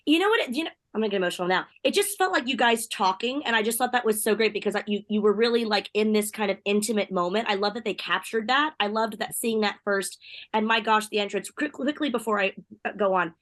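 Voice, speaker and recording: A woman hosting a casual podcast chat, bubbly and gushing, with quick asides. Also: medium pitch, a bit bright. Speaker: host.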